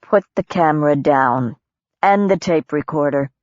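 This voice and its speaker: A woman narrator voicing a hot-tempered woman who shouts and swears at intruders on her property. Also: deep voice, unhurried, no room sound, dull audio. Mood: cold menace.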